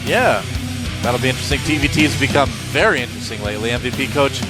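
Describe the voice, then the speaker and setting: Calling an esports match from a Seoul broadcast studio, this caster speaks quickly in a mid-range voice. Between plays he drifts into joking, meandering banter, and music runs under his commentary.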